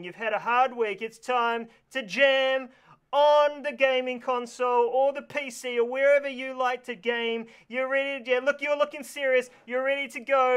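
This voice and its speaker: A man presenting a live kids' lesson from New Zealand with a New Zealand accent, excitable and full of exaggerated reactions. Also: very high voice, smooth. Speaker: kids show presenter. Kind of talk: energetic live kids lesson. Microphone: live stream mic.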